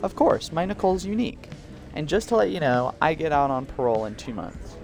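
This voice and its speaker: A man's voice: fairly high pitch, sing-song, a little fast, gravelly, a little mellow, faint music behind, pitched above the performer's own voice. A man doing a chatty lovestruck donkey inmate. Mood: gushing. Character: friendly talkative male donkey inmate. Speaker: game character.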